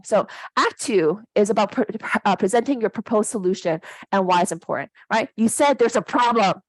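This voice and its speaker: A woman giving a casual, animated workshop lecture, often checking in with "right?". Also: medium pitch, no room sound, low-quality recording. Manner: animated, conversational, keeps asking "right?". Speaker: academic workshop presenter.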